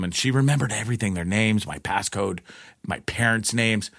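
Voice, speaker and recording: A man telling a personal story in casual, profane speech, with lots of restarts and an animated delivery. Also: moderate pace, dry recording, studio quality. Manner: profane, rambling, restarts often; animated retelling, pitch jumps in quoted lines.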